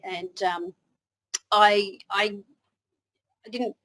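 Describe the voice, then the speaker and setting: A woman's voice: medium pitch, fairly even intonation, takes it slowly, long pauses, low-quality recording. Chatty Australian woman telling her story. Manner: chatty, laughs easily, restarts sentences. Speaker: interview guest. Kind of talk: casual interview storytelling.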